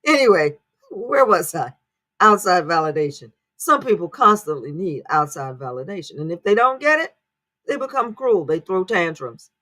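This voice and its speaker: A woman's voice: on the low side, big pitch swings, normal speed, bright, forceful tone. A woman hosting a commentary channel, talking casually to her viewers and often asking rhetorical questions. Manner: rhetorical, keeps checking in with "right?". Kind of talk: casual spoken commentary to camera.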